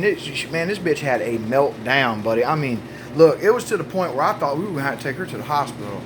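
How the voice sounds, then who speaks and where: A man's voice: high-pitched, a bit bright, a little hiss or hum. A man telling a rambling, profane comic story about his own life and swearing constantly.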